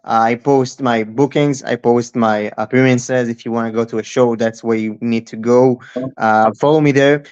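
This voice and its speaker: A young man being interviewed as a guest, answering in a quick, eager, friendly way. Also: medium pitch, steady tone, darkish tone, smooth. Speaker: guest wrestler. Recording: dull lo-fi audio.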